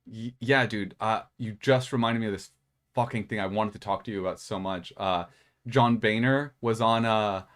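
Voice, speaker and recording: A man's voice: on the low side, normal speed, a bit bright. Rambling young man chatting casually. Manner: rambling, heavy filler words, swearing. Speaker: podcast co-host. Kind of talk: casual chat.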